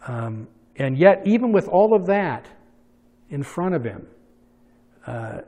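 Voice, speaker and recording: A man preaching in an animated way, his voice sitting a little high for a man. He moves between quiet asides and loud, emphatic peaks. His words ring out with the long reverb of a large hall. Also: slow pace. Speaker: pastor. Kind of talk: sermon.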